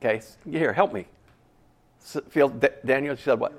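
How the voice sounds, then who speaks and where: A man's voice: medium pitch, normal speed. A man preaching a sermon in a conversational way, asking the congregation questions and repeating key phrases for emphasis. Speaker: pastor.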